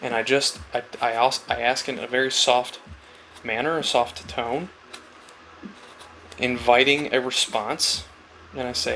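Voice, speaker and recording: A man's voice: mid-range voice, level tone, a little slow, long pauses, sharp tone, faint music behind. A man talking casually and reflectively while carving wood, rambling through a story and acting out little conversations. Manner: rambling, storytelling, acts out quoted chats. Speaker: woodcarver vlogger.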